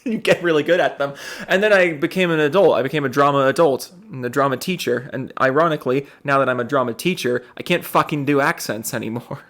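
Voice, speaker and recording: A young man talks over a clip in a medium-pitched voice, sarcastic and profane. He rambles and circles back on his own points, mocking the argument as he goes. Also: quick pace, fairly bright tone. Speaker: video commentator reacting to a clip. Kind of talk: sarcastic reaction commentary.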